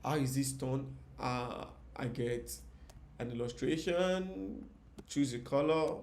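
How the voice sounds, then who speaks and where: A man's voice: mid-range voice, steady tone, slow pace, creaky, a little mellow, a little hiss or hum. Chatty male design tutor. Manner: chatty, repeats phrases, talks to viewers in comments. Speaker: UI designer teaching. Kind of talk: casual live design tutorial.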